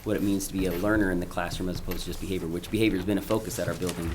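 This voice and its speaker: A man with a very low voice gives a school update at a board meeting. He talks informally, stopping and restarting with plenty of ums. A faint hiss sits under his voice. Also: steady tone, rapid-fire. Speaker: school principal presenting to a school board. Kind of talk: presentation at a public meeting.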